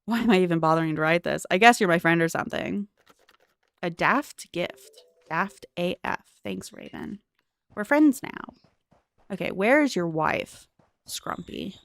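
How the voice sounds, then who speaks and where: Chatty woman streamer, lively voice with fry. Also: fairly low pitch, moderate pace, no room sound. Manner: chatty, curious, thinking aloud and answering chat. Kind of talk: casual gameplay commentary.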